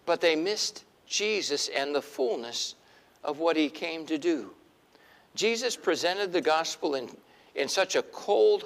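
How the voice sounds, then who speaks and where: A middle-aged man preaching a sermon in an animated way, acting out the voices he quotes. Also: on the high side, in a large hall. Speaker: pastor.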